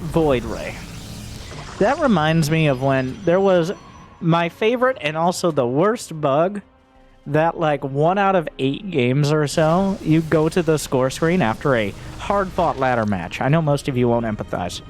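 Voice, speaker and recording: A man casting a strategy game match, joking around and getting loud and excited at big plays. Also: on the high side, unhurried, soft background music. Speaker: esports caster. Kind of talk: game commentary.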